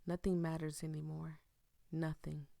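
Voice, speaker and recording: Brief: grieving male policeman, read by a woman, low and flat, game monologue. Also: moderate pace, vocal fry, no echo, clean studio sound. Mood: despairing.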